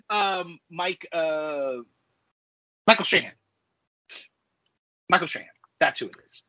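A man's voice: high voice, lively intonation, takes it slowly, long pauses, pushed and bright, dry recording, highs cut off. A man in his forties co-hosting a podcast, talking in a rambling casual way full of filler words and ranting. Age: 40s. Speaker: podcast co-host. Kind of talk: casual chat.

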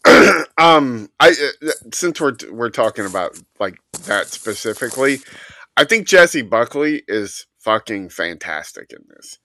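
A man co-hosting a casual movie talk, speaking hesitantly and measured. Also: medium pitch, very animated, bright, forceful tone, dry recording. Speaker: podcast co-host.

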